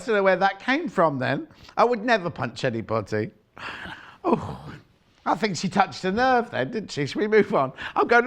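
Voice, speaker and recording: A man hosting live shopping television, with a slightly raised pitch and a very animated, swooping delivery. He jokes and teases between product prices in a chatty, playful way. His voice is picked up by a clip-on mic in a studio. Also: normal speed. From United Kingdom. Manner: playful, teasing, chatty, lots of asides. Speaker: shopping channel presenter. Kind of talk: live TV sales chat.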